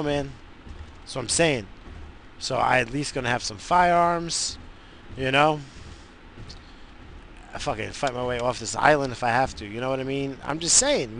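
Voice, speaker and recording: A man's voice: mid-range voice, gravelly, fairly bright tone, a little hiss or hum. A man from the United States hosting a show, ranting in a profane, rambling, fired-up way from inside a car. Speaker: radio show host. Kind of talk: profane casual rant.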